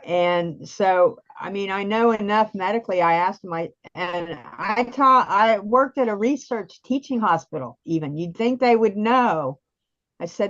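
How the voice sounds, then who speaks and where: A woman's voice: mid-range voice, unhurried, fairly bright tone. A middle-aged woman on a video call, telling her own patient story in an earnest, plain-spoken way with some fillers. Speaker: guest sharing patient story. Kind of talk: conversational storytelling. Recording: dull lo-fi call audio.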